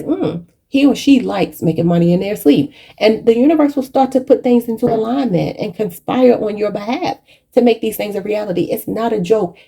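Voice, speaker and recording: Mellow, husky woman giving a tarot reading. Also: on the high side. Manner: preachy, spiritual, addresses viewers as "y'all". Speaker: tarot reader.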